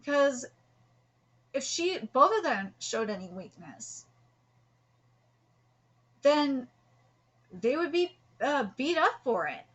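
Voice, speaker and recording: Woman host, high bright voice, earnest live reaction commentary with restarts. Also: big pitch swings, slow, long pauses, low-quality recording. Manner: earnest, heartfelt, rambling with restarts. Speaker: host reacting to a manga chapter.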